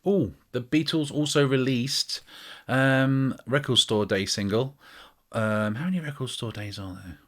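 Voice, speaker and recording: A man's voice: mid-range voice, measured pace, fairly bright tone. A British man chatting casually to camera as a music vlogger, rambling and self-mocking, with many ums.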